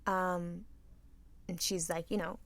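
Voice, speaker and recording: A woman co-hosting a podcast, telling a story in a lively way, acting out quotes and laughing often. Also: fairly low pitch, slow pace. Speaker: podcast co-host. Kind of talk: casual storytelling chat.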